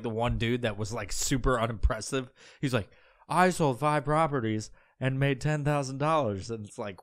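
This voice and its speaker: A man's voice: medium pitch, fairly bright tone. A man hosting a podcast, rambling crudely and sarcastically with lots of fillers and swearing. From Pacific Northwest. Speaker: podcast host. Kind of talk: casual profane monologue. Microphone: podcast mic.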